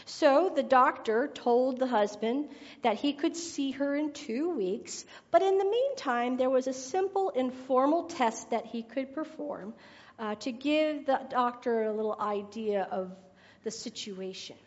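A woman's voice: sits high, measured pace. A woman preacher telling a joke and then giving her sermon, chatty and laughing at her own jokes. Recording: reverberant hall, dull sound.

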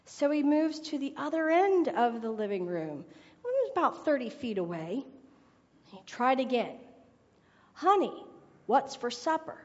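Woman preacher, high voice, chatty storytelling sermon, long hall reverb, dull sound. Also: animated, normal speed, darkish tone. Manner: chatty storytelling, laughs at her own jokes. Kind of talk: sermon with a told joke.

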